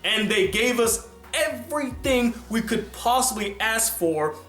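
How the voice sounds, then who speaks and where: A man hosting a film review channel, talking in an animated, emphatic way. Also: extremely high pitch, unhurried. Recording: roomy echo with faint music.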